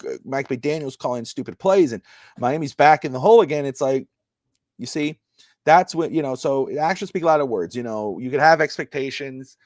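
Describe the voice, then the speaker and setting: Guy co-hosting a sports stream, middle pitch, rambly storyteller, dry close sound. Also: fairly quick, a little mellow, no room sound. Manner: rambling, storytelling with repeated fillers. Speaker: podcast co-host. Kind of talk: casual sports chat. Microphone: live stream microphone.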